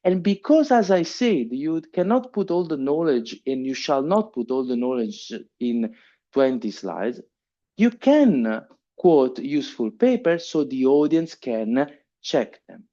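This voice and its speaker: A man's voice: mid-range voice, very animated, dark tone, lo-fi sound. Italian-accented man giving a conference lecture. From Italy. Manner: halting, many fillers and restarts. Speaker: keynote speaker. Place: conference hall.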